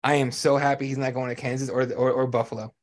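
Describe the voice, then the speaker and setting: A man's voice: medium pitch, little pitch movement, quick pace. A man hosting a sports podcast in casual chat, blunt and profane, ranting with lots of animation. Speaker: podcast host.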